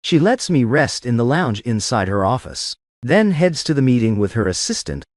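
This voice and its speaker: A man's voice: mid-range voice, very animated, normal speed, no echo, clean studio sound. A man narrating a first-person drama story in scripted narration style.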